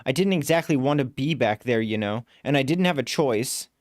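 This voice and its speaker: A man voicing a panicked young woman fleeing her captors in a storybook reading, shouting and pleading. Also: mid-range voice, expressive, normal speed, no room sound, clean studio sound, close to an everyday voice. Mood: wry. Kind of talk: storybook read-aloud.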